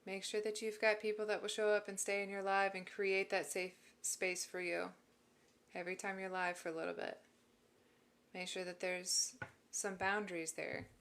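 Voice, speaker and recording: Hosting a live stream about mental health, a woman reads out chat messages and replies with warm encouragement, though she's emotional and near tears. Her mid-range voice stays level at a normal pace.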